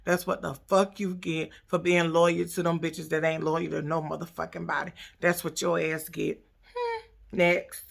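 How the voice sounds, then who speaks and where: Vlogger woman, gravelly low voice, loud profane sass, quick retorts. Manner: profane, sassy, animated storytelling. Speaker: YouTube recap host. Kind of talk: casual reality TV recap.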